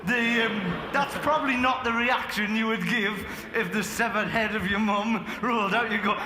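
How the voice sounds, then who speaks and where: A man doing stand-up crowd work on a theatre stage, rambling and excitable, chatting with the audience and breaking into sudden shouts. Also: sits high, moderate pace. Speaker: stand-up comedian. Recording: echoey live theatre recording with crowd noise.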